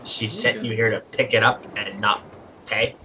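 A man's voice: fairly low pitch, fairly even intonation, normal speed, bright, forceful tone, a little hiss or hum, low-quality recording. A man voicing a proud male merfolk leader who talks in a stiff, businesslike way. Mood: formal.

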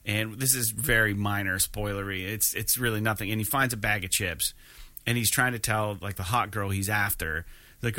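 Guy rambling about games, bright forward voice, dry close sound. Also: fairly low pitch, steady tone, brisk, no room sound. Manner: rambling, many fillers and restarts. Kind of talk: casual chat about video games.

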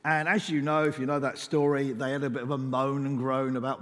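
A man's voice: medium pitch, level tone, a little fast. A man preaching a sermon in an informal, conversational way, rising in emphasis on key lines. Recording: echoey church hall.

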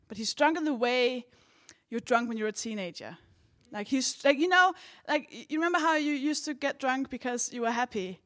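A woman's voice: high voice, expressive, normal speed, fairly bright tone. A woman co-hosting a comedy podcast, telling a stand-up story in a blunt, self-mocking way.

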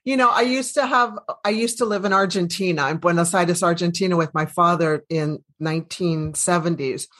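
A woman's voice: fairly low pitch, moderate pace, hardly any pauses. Chatty woman podcast host. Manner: chatty, laughs often, warm exclamations. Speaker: podcast host, medical doctor. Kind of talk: casual interview chat.

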